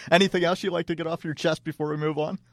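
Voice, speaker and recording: A man's voice: on the high side, steady tone, fairly quick, dry recording, clean studio sound. A man co-hosting a casual hockey podcast, easygoing, laughing often and talking with many fillers. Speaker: podcast co-host. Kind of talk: casual sports chat.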